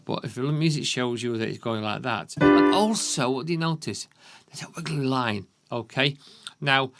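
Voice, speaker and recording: A man's voice: medium pitch, animated, moderate pace. A man with a Yorkshire accent teaching a beginner piano lesson, counting beats aloud and checking in with frequent "okay?". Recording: piano music loud underneath. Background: piano playing.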